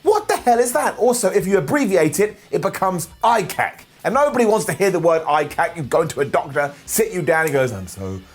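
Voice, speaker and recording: A man's voice: high voice, fairly quick, few pauses, husky. A man hosting a comedic wrestling recap, sarcastic and jokey, who mentions nursing a scratched eye. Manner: sarcastic, jokey, animated, with silly put-on voices. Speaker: wrestling show recap host.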